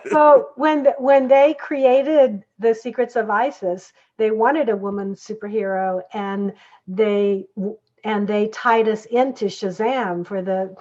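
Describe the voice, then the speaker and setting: A woman's voice: medium pitch, slow, a little mellow. A woman guest on an interview podcast, recalling her days acting on TV in an easygoing, reminiscing way. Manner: easygoing, reminiscing, affirming often. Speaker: guest, former TV actress and dancer. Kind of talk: casual interview conversation. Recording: dull lo-fi audio.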